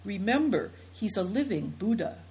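A woman reading the part of a thoughtful young boy who speaks in a measured, firm way, in a storybook. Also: medium pitch, sing-song, mellow, a little hiss or hum, natural voice.

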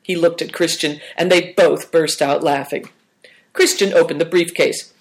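Woman narrator, lowish voice, calm storybook reading. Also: normal speed, vocal fry.

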